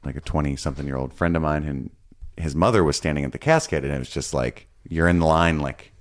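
A man with an extremely low, deep voice talks through a TV episode on a podcast. He is casual and unhurried, wandering through his thoughts with fillers and the odd swear word. It sounds like easygoing chat among friends. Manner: relaxed, rambling, with frequent fillers and casual swearing. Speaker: podcast co-host recapping episodes.

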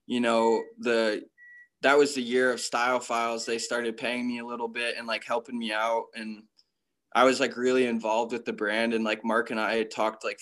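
Laid-back young man, flat delivery. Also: medium pitch. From Connecticut, USA. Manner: laid-back slang, constant "like" fillers. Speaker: professional freeskier, interview guest. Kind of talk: casual storytelling interview.

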